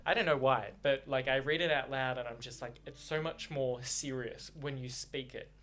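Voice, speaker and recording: A man's voice: medium pitch, fairly even intonation, moderate pace, a bit bright. A young man reading a novel aloud and reacting to it, effusive and rambling, with plenty of swearing. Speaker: book reaction vlogger.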